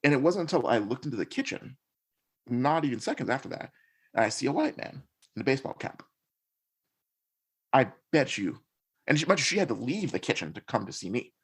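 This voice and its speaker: A man's voice: medium pitch, very animated, a little fast, pauses often, breathy edge. A man talking as a podcast guest, earnestly recounting his experiences in a reflective, conversational way. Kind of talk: conversational storytelling.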